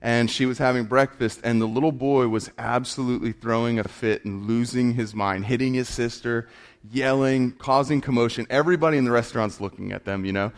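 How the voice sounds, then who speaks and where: A man preaching, mid-pitched and conversational. He tells stories with humor and drops to a hush for effect. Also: steady tone. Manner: storytelling with humor, quick shifts from loud to hushed. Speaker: pastor. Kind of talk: sermon.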